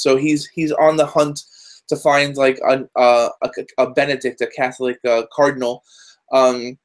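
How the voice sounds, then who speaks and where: A man talking as a guest in a casual interview over a video call, rambling excitedly and dropping lots of fillers. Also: medium pitch. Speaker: guest, journalist and game voice actor.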